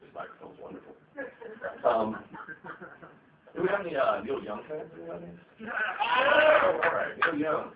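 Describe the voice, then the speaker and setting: A man's voice: fairly high pitch, big pitch swings, a little slow, vocal fry, pauses often, a little hiss or hum. A man doing a stand-up set, rambling and profane, with lots of fillers. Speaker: stand-up comedian. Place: comedy venue stage. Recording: echoey, tinny, distant live recording.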